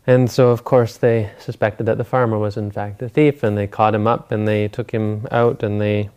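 A man, a Buddhist teacher, retelling a teaching story in a relaxed, conversational dharma talk. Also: on the low side, moderate pace, clean tone.

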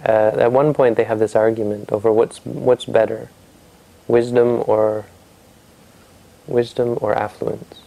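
Gravelly man telling a story to listeners. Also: mid-range voice, level tone, unhurried, pauses often, dark tone, low-quality recording. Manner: conversational, asks the listeners questions, frequent restarts. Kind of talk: storytelling to a family audience.

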